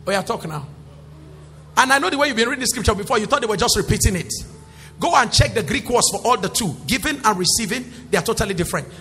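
A male pastor preaching a sermon in call-and-response style, rising to shouts. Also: high-pitched, lively intonation, fast. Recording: echoey hall with faint music.

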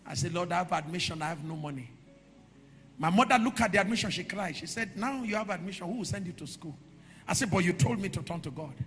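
A man preaching a sermon in a church hall, moving from quiet storytelling to shouted, sing-song declarations. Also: sits high, expressive, fast talker. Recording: echoey hall with music behind.

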